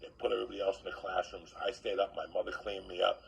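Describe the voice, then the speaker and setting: A man telling a profane comic story in a loud, animated way, acting out other people's lines. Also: low-pitched, quick pace, poor audio. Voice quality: gravelly.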